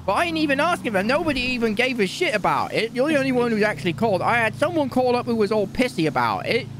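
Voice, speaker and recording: A man with a high, animated voice complains and haggles, cursing freely and sounding fed up. Loud car and street noise from the game sits under him. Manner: agitated, swearing, haggling. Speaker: streamer playing a street dealer character. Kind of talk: role-play phone calls.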